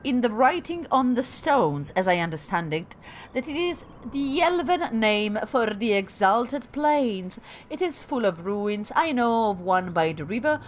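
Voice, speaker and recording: A woman's voice: mid-range voice, slight background noise. A woman reading as a pompous noble in a put-on accent. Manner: stilted, declaiming, put-on accent.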